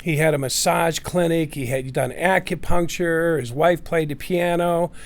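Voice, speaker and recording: A man's voice: on the high side, steady tone, measured pace. Rambling middle-aged man telling a story. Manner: rambling, many fillers and restarts. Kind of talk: casual personal storytelling.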